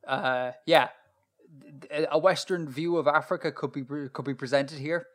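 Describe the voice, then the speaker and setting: A man with a somewhat high voice co-hosts a podcast. He keeps the conversation going in an easy, chatty way, reacting to his partner and asking follow-up questions. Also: fairly even intonation, moderate pace. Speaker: podcast co-host. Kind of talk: casual chat.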